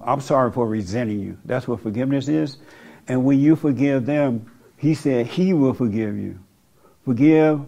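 A man's voice: mid-range voice, creaky, mellow. Blunt preacher man counseling. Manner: direct, preachy, plays out voices in quotes. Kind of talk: counseling talk.

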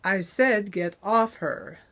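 Casting: woman playing a cold, measured male interrogator in a storybook thriller, firm and commanding, mid-pitched. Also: expressive.

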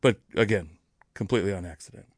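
A man's voice: sits low, quick pace, no echo, clean studio sound. A man hosting his own comedy podcast, rambling through dates and topics in casual, self-correcting chat with the odd curse. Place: near Seattle.

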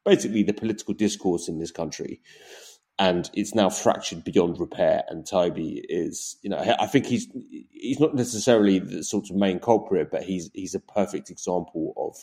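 A man's voice: low voice, warm tone. A British man hosting a casual political podcast, rambling and self-deprecating, with lots of fillers and restarts, on a home podcast mic. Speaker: podcast host. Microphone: home podcast mic setup.

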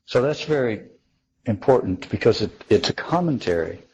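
A man's voice: medium pitch, lively intonation, normal speed, darkish tone, highs cut off, a little hiss or hum. A man giving a reflective spoken talk on theology, thoughtful and wry, often restarting his sentences. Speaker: speaker on theology.

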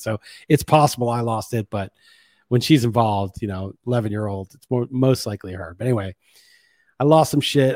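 A man's voice: medium pitch, a little mellow, dry recording, studio quality. A man in his forties hosting a podcast, rambling and venting with lots of swearing in a casual monologue. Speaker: podcast host.

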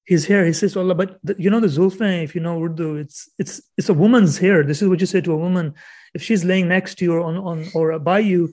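A man, a guest author on a podcast interview, explaining poetry earnestly and reading verse aloud slowly, often repeating words as he thinks. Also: high-pitched, fairly even intonation, a little mellow.

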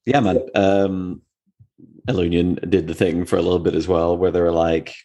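Low-voiced male co-host, banters and jokes through the recap. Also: normal speed. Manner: joking, teasing, animated asides. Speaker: podcast co-host. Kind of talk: casual sports chat.

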